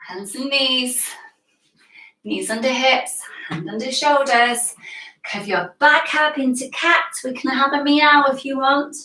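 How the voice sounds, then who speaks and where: Guiding kids through yoga live, a British woman gives cheerful, supportive instructions one step at a time. She speaks slowly in a high, pushed, bright voice, heard from a distance in a room with echo.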